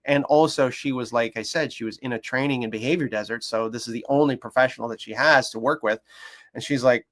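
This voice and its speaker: A man who works as a dog behaviour consultant, chatting casually and telling stories passionately, acting out the voices of the people and animals in them. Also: fast talker. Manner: animated, acts out quoted voices with big pitch jumps; emphatic and passionate. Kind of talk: casual conversational storytelling.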